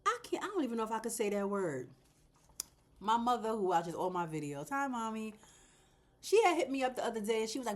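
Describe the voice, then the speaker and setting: A woman's voice: medium pitch, fairly quick. A woman hosting a casual plant vlog at home, chatting away while she repots, laughing and talking straight to her viewers. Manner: animated and talkative, laughs and addresses viewers directly. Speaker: plant vlogger, channel host.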